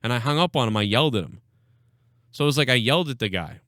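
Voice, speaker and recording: A man's voice: mid-range voice, lively intonation, fast, fairly bright tone, no echo, studio quality. A man hosting a live podcast stream, ranting casually and with lots of swearing, acting out people he quotes with a raised voice. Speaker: podcast host.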